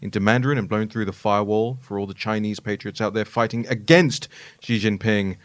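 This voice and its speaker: A man, sitting in as the talk radio host, introducing the show in a brisk, wry way. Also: on the low side, steady tone, no room sound. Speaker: guest host.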